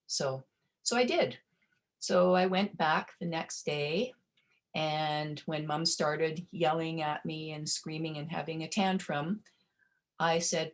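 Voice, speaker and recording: Middle-aged woman, low-pitched, webinar presenter; gentle, heartfelt storytelling with restarts, video-call sound. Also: steady tone, measured pace. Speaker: webinar presenter on provider well-being. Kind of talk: personal storytelling.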